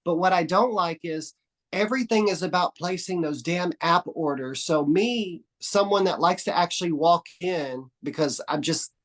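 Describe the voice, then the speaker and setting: Bright and high-pitched at a moderate pace, this Texan podcast guest rambles through stories in a casual chat. He swears offhandedly, restarts often, and frequently lets sentences trail off.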